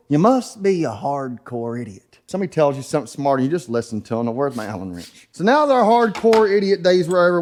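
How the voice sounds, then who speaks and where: A man's voice: fairly high pitch, a little mellow. A man rambling and joking as he explains kart setup in his workshop. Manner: rambling, jokey trash talk. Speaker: kart racer and channel host. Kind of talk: casual joking shop vlog.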